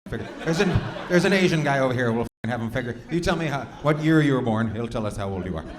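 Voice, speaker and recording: A man's voice: mid-range voice, animated, fast talker. A male stand-up comedian doing crowd work in a club, brash and profane as he needles audience members. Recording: echoey club with loud crowd and noise.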